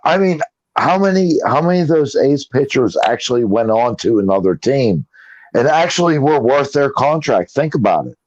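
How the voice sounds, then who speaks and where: A man co-hosting a casual sports podcast, excitable and jokey. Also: mid-range voice, moderate pace, no room sound, dull audio. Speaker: podcast co-host.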